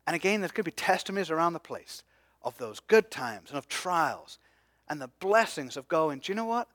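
A man preaching a sermon as pastor, passionate, swinging from hushed asides to loud emphatic peaks. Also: a little high, lively intonation, moderate pace, no echo, studio quality.

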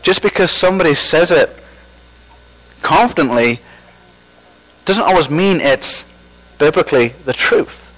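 A man's voice: fairly high pitch, animated, measured pace, pauses often, fairly bright tone, rough recording. A man preaching a sermon as pastor, conversational and self-deprecating, with false starts.

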